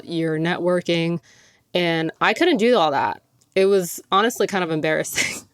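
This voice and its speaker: A woman's voice: fairly low pitch, smooth, no room sound, clean studio sound. A young woman hosting her podcast in casual chat, talking chattily with lots of "like" and frequent laughs. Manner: chatty, filler-heavy with frequent "like"; laughs often while talking. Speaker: podcast host.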